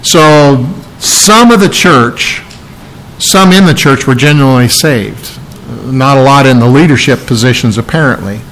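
A man's voice: medium pitch, expressive, measured pace, fairly bright tone, poor audio. A man preaching an expository sermon, explaining scripture verse by verse in an emphatic way. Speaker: pastor.

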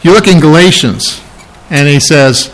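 A man's voice: on the high side, lively intonation, a little slow, rough recording. A man preaching an expository sermon, teaching earnestly and repeating phrases for emphasis. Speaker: pastor.

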